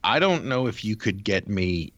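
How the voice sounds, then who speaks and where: A man's voice: lowish voice, very animated, normal speed, dull audio, a crowd in the background. A man co-hosting a podcast, chatting casually and rambling through his stories with restarts. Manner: rambling, many restarts and fillers. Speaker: podcast co-host. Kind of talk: casual chat.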